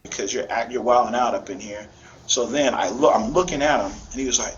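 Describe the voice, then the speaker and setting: A man's voice: medium pitch, brisk, soft background music. A middle-aged man being interviewed as a father, telling a story in a rambling, emotional way. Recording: dull lo-fi audio with faint noise.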